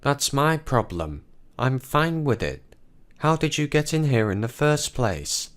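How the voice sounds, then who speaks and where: A man voicing a young boy in a story who answers calmly and flatly. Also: mid-range voice, measured pace, clean tone, pitched above the performer's own voice. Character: young boy hiding in a secret room.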